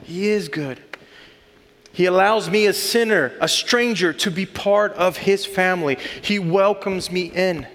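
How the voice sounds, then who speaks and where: A man's voice: high voice, unhurried, hardly any pauses, a bit bright. A man in his thirties or forties preaching a sermon, earnest and building to emphatic lists. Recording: long hall reverb.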